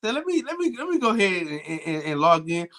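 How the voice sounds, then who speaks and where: A man's voice: sits high, sing-song, fast, fairly bright tone. A man calling into a live show, telling a story in a laid-back, repetitive way. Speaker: caller and co-host. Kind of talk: casual live call-in chat.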